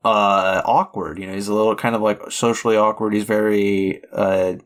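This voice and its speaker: This man's voice sits on the low side, flat in delivery and at normal speed. As a podcast co-host, he discusses movies in a loose, rambling way, full of fillers and restarts.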